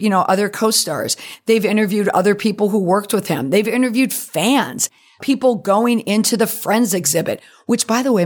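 A middle-aged woman with a fairly low voice that has gone a little creaky. She hosts a podcast and talks in a chatty, meandering way, wandering off into side stories. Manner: chatty, digressive storytelling. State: slightly creaky voice. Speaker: podcast host and PR professional. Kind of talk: casual monologue.

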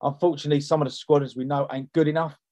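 A man's voice: fairly high pitch, steady tone, racing, mellow. A man on a football podcast, blunt and heated, repeating himself as he vents. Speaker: podcast co-host. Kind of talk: casual football podcast chat.

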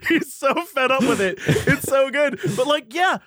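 A man co-hosting a podcast in casual chat, animated, acting out quotes in different voices. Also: extremely high pitch, measured pace, dry recording. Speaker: podcast co-host.

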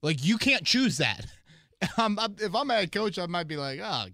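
Male podcast host, casual sports talk, rambling and animated, dry studio sound. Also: high voice, moderate pace, dry recording. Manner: animated, rambling, many fillers and restarts. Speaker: podcast host and team analyst.

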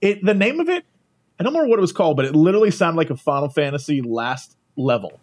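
A man's voice: a little high, fast talker. A man co-hosting a podcast, telling a travel story in a casual chat, laughing often and acting out the voices of the people he met. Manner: animated, laughing, acts out quoted voices. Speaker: podcast co-host. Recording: poor quality microphone.

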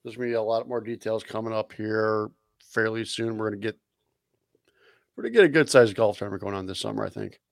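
Man, gravelly, easygoing co-host, dry sound. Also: lowish voice, quick pace, dry recording. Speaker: podcast co-host. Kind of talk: casual chat.

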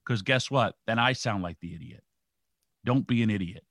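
A man's voice: on the low side, moderate pace, a bit bright, no echo, clean studio sound. A man hosting a radio talk show, talking in an emphatic, rambling way.

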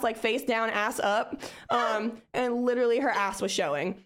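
A woman's voice: on the high side, normal speed. A young woman telling a story in casual talk, swearing freely and acting out the voices of the people in it. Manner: animated, swears freely, acts out quoted voices. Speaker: podcast guest.

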